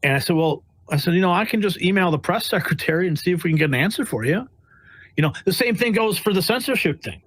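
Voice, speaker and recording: A man's voice: high voice, animated, fast talker, a bit bright, rough recording. A man speaking as a White House press correspondent, telling his stories bluntly and emphatically, acting out the voices of the people in them. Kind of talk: animated interview storytelling.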